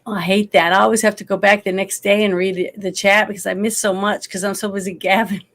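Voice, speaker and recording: A woman's voice: medium pitch, level tone, fast talker, fairly bright tone. A woman talking about a movie in a casual chat, emotional and rambling, often trailing off and restarting. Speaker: guest.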